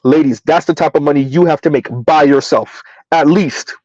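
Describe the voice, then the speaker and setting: A man's voice: fairly high pitch, moderate pace, darkish tone, dry recording, muffled recording. Chatty man hosting a casual stream. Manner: reads figures aloud and answers chat; casual, chatty, addresses listeners as y'all. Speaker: livestream host. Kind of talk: casual livestream commentary.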